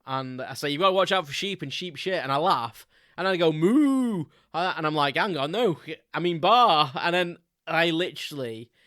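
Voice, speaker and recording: Man, podcast host, casual rambling story, chuckling, medium pitch, dry close mic. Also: a bit bright, dry recording. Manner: rambling, many ums, chuckles often.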